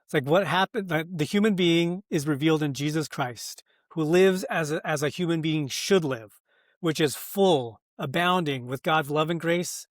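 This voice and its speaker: A man's voice: fairly high pitch, moderate pace, dry recording, studio quality. Earnest, thoughtful American man. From United States. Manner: thoughtful, earnest, many fillers and restarts, laughs often. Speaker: pastor and author, guest. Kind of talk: conversational podcast interview.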